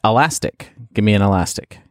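A man's voice: lowish voice, expressive, fairly quick, no echo, studio quality. Canadian man, hesitant chat. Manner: hesitant, many fillers and restarts. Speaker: podcast co-host. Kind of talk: casual chat.

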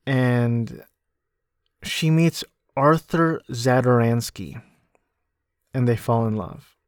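Podcast host, male, young adult, rambling film recap, self-deprecating, mid-pitched, dry close mic. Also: takes it slowly, no echo. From United States. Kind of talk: casual film recap monologue.

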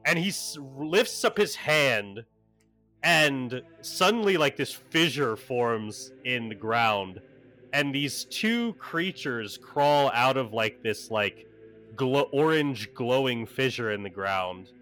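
A man's voice: medium pitch, expressive, takes it slowly, bright, forceful tone, soft background music. A man game master narrating a tabletop game in a casual, rambling way.

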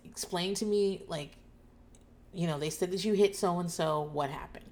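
A woman host talking casually and loudly about a show, profane and animated, acting out people's lines in shouts. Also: on the low side, normal speed, creaky. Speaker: podcast host recapping a TV show. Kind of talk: casual chat.

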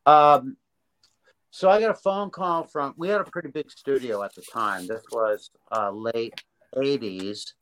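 An older man being interviewed, telling a story in a casual, animated way with many restarts and voices for the people in it. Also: mid-range voice, a little slow, poor audio. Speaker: interview guest, illustrator.

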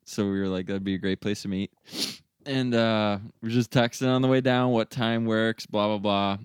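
A man's voice: normal speed, clean tone, no echo, clean studio sound. A man in his thirties from the Midwestern US chatting casually and animatedly telling a story about a friend. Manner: animated storyteller, acts out friends' voices in high pitch. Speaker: storyteller in a chat. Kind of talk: casual chat.

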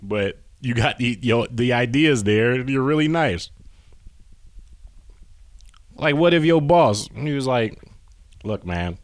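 A man's voice: mid-range voice, slow, pauses often, no room sound. A man hosting a solo podcast from home, rambling and swearing, often losing his train of thought. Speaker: podcast host. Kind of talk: casual solo podcast monologue.

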